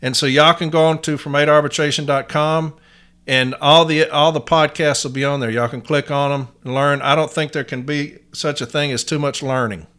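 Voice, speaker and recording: A man's voice: on the high side, fairly even intonation, moderate pace, fairly bright tone, clear, resonant tone. A man from Nashville, Tennessee, with a Southern accent, hosting a podcast in a blunt, folksy monologue. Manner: blunt, folksy, uses y'all. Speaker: podcast host.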